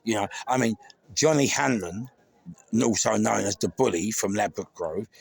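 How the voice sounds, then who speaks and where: A man's voice: on the low side, moderate pace, creaky, husky. A middle-aged man with a London accent, speaking an emotional, rambling tribute to camera with many restarts. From England. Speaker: vlogger. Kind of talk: casual tribute monologue.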